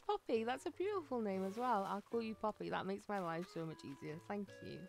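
Medium-pitched, expressive, and brisk, with vocal fry, this streamer chats casually while gaming. She bubbles over with thanks, gasping and giggling a lot, as faint game music plays in the background.

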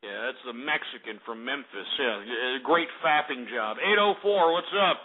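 A man's voice: mid-range voice, animated, normal speed, heavy background noise. A man hosting an internet call-in radio show, ranting at and insulting his callers and cutting them off abruptly. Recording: lo-fi phone-like internet radio audio.

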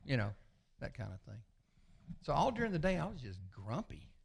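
A man, a pastor preaching a sermon with folksy, confessional storytelling that often sinks to a low murmur. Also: very animated, moderate pace, creaky, slight background noise. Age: 60s.

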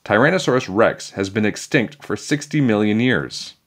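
A man's voice: on the low side, animated, normal speed. A man voicing a bossy, smug know-it-all schoolgirl who lectures prim and proper in a storybook reading.

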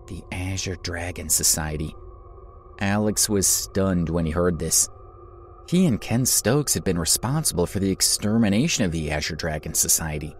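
A man's voice: low-pitched, moderate pace, faint music behind. A man narrating an audio drama in a dramatic storytelling manner.

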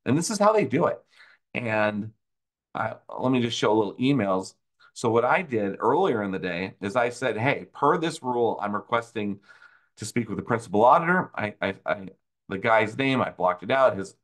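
A man's voice: mid-range voice, fairly bright tone. A man hosting a video, explaining a tax audit problem in an angry, sarcastic rant and repeating phrases for emphasis. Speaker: tax consultant host.

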